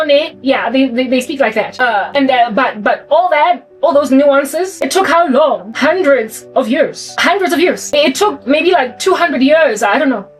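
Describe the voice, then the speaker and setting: A woman's voice: high-pitched, slightly rough. A South African woman talking in a casual, rambling monologue and thinking aloud as she goes. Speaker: vlogger. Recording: distant mic with faint music.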